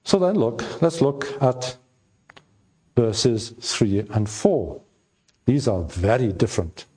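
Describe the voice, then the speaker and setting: Slow, halting older male preacher. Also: medium pitch, big pitch swings, mellow, breathy edge. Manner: slow, halting delivery with many fillers and repeated words; emphatic repetition when reading scripture aloud. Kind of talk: sermon.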